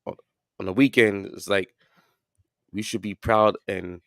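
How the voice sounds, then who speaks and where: A podcast co-host with a fairly low, fairly bright voice speaks slowly and steadily in casual sports chat, though he rambles with many fillers and restarts. The audio is studio quality, without echo.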